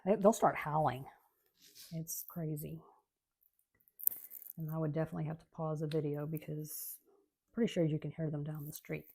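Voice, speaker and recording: A woman, chatting casually and rambling softly as she works on a craft at home. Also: sits low, fairly even intonation, moderate pace, pauses often, slightly rough. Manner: chatty, rambling, soft-spoken. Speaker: craft channel host. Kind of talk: casual chat while crafting.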